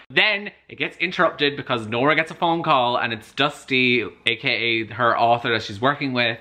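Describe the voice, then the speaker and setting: A man's voice: medium pitch, normal speed, few pauses, sharp tone. A man talking casually to camera in a reading vlog, chatty and gushing, full of fillers. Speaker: book vlogger.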